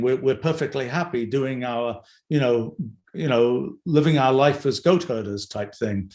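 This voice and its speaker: A man's voice: medium pitch, measured pace, a little mellow. An older man hosting an unscripted livestream Q&A, thinking aloud with many fillers and restarts. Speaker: host answering audience questions. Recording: roomy echo.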